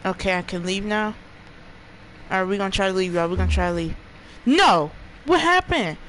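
A gaming streamer giving live commentary while playing, jumpy, often yelling and laughing and talking to the chat. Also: medium pitch, flat delivery, quick pace, a little hiss or hum, low-quality recording.

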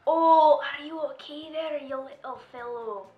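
A woman voicing a swaggering female unicorn with a put-on Scottish accent, drawling a catchphrase quietly. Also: high voice, unhurried, narrow, tinny audio, voice pushed up. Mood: smug. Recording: echoey room.

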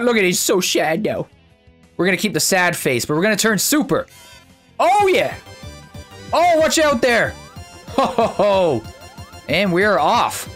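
A man giving casual, excitable commentary while playing a video game, chatty and quick to exclaim, speaking into a desk mic at his computer. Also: high voice. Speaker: gaming YouTuber.

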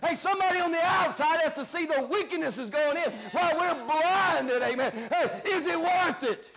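High-pitched shouting preacher. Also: male voice, moderate pace, a crowd in the background. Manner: shouting preacher, drops to low asides. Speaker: pastor. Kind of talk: fiery sermon.

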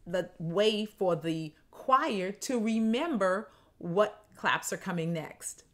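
A woman composer and choir conductor, explaining her choral piece in a lively, conversational, demonstrative way. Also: lowish voice, measured pace, music in the background.

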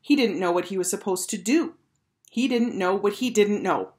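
A woman teacher reading a children's chapter book aloud with clear, expressive storytelling. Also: mid-range voice, moderate pace.

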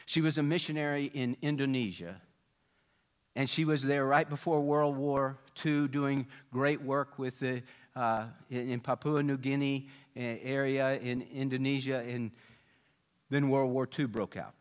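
A man's voice: fairly even intonation, unhurried. A man preaching a sermon, telling a story and acting out the people in it with a raised voice. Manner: storytelling, voicing quoted people with rising pitch and volume. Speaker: pastor.

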